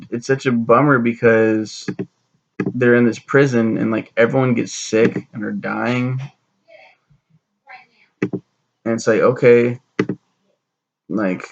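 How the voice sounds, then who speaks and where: A man's voice: medium pitch, gravelly, dull audio. A young man rambling through a sarcastic, profane recap of a TV show, acting out the characters' lines as he goes. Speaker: show reviewer.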